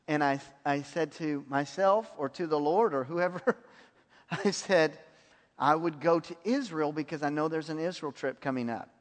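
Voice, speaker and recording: Male preacher, high voice, animated storyteller who laughs easily, long hall reverb. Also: normal speed. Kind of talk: sermon testimony.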